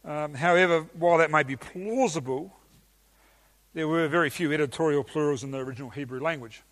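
A man's voice: fairly high pitch, a little fast, fairly bright tone. A man preaching a teaching sermon with emphatic enthusiasm and some hesitations.

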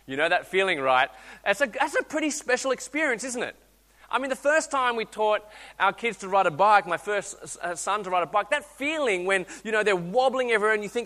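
A man's voice: sits high, brisk. A man, preaching a sermon, telling stories animatedly and acting out voices, with frequent restarts. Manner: animated storytelling, acts out voices, restarts often. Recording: long hall reverb.

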